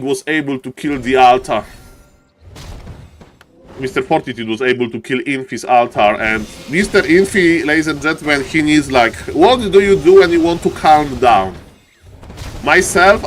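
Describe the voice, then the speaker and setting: Excitable male esports caster, non-native English. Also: a little high. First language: not English. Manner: excitable, shouts during big plays, jokes with chat. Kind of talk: live game commentary.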